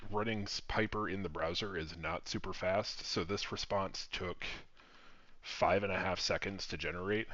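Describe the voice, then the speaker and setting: A man demoing his own software project in a casual screen recording, explaining each step and swearing now and then. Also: sits low, dry recording, highs cut off.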